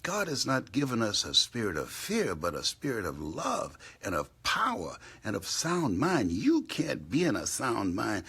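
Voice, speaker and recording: A man giving an impassioned live motivational talk from a hotel room, swinging between hushed whispers and loud outbursts. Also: mid-range voice, huge pitch swings, measured pace, few pauses, husky. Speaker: motivational speaker. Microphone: live stream.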